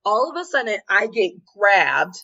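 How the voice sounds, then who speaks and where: A woman's voice: medium pitch, very animated, moderate pace, vocal fry, sharp tone, muffled recording. Giggly woman telling bawdy stories. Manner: bawdy, giggly, acts out quotes. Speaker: podcast co-host. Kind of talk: candid storytelling chat.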